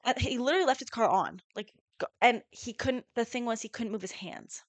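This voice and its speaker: Slightly high and fairly quick, this young woman's voice has no room sound. A podcast co-host in her twenties, she tells a casual story full of swearing and acted-out quotes, animated throughout.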